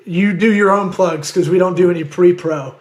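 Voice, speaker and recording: A male podcast host with a hoarse, worn-out voice, chatting and joking casually with his guest. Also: high voice, moderate pace, a little mellow.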